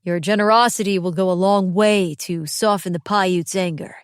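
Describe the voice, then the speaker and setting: A woman voicing a smooth, calculating male militia general in an audiobook, speaking in a measured, coolly persuasive, folksy way. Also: medium pitch, steady tone, no room sound, studio quality, natural voice. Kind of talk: audiobook character reading.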